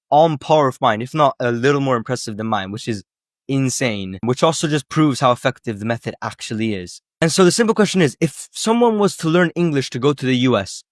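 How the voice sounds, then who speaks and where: A man's voice: mid-range voice, dry recording, studio quality. A man coaching viewers on learning Spanish, talking to camera in an emphatic, persuasive way, full of rhetorical questions and casual fillers. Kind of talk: casual direct-to-camera teaching.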